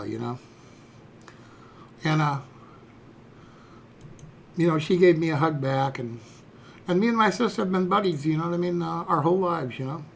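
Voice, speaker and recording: A man in his sixties spins a rambling, folksy story from his own life. His voice sits high and bright for a man, with a gravelly edge. A faint hiss runs under the recording. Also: normal speed, long pauses. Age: 60s. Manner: rambling, folksy, fillers like "you know" and "okay". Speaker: streamer. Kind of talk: personal storytelling.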